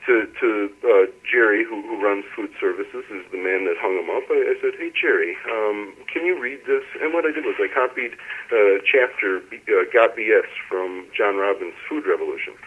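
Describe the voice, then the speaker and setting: A man's voice: on the low side, normal speed, breathy edge. A man, an interview guest, telling how he was fired as a teacher, speaking emphatically with many restarts and repeated words. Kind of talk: telling his story in an interview. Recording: phone line.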